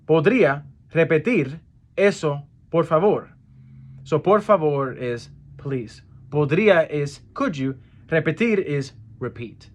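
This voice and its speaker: A man giving a casual language lesson, repeating each phrase slowly and correcting himself with fillers. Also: on the high side, animated. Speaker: Spanish phrase teacher.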